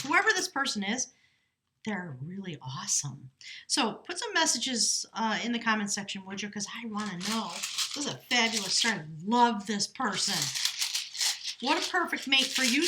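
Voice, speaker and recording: Bright-voiced woman giving a tarot reading. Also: mid-range voice. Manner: enthusiastic, chatty, reads aloud from a rune book. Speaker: tarot reader. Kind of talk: casual spoken tarot reading.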